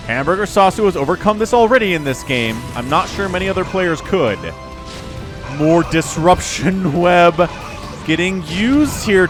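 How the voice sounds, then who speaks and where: Lively young man casting a strategy game. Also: high-pitched. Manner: excitable, chatty, laughs while talking. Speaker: esports caster. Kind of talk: solo play-by-play game commentary.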